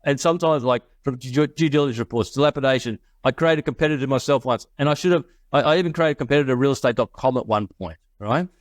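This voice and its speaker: A man's voice: medium pitch, quick pace, few pauses, dry recording. A middle-aged man telling business stories in a casual podcast interview, quoting people in voices and laughing often. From Australia. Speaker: guest investor.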